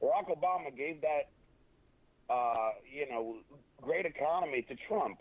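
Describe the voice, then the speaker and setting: A man's voice: fairly high pitch, lively intonation, dry recording. Opinionated man on a tinny phone line. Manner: halting, many restarts and fillers. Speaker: guest. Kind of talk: casual interview over a phone line.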